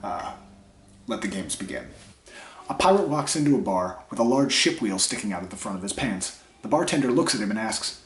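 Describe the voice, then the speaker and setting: Deadpan man reading jokes, echoey room. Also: lowish voice, fairly quick. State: sick with dry cough. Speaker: comedy vlogger.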